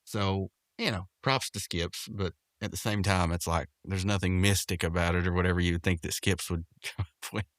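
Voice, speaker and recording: Low-voiced man rambling through a cartoon recap. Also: steady tone, moderate pace, dry recording, studio quality. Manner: rambling, full of fillers and restarts, quotes characters in raised voices. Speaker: podcast host recapping a cartoon episode. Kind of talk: casual episode recap.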